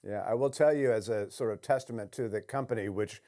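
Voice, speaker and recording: A man's voice: lowish voice, brisk, warm tone. A man interviewing a guest in a casual, reflective, conversational way.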